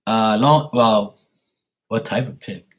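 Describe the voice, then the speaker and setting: A man's voice: on the low side, takes it slowly. A man hosting a casual live stream and chatting with viewers, speaking bluntly with plenty of profanity and a rambling flow.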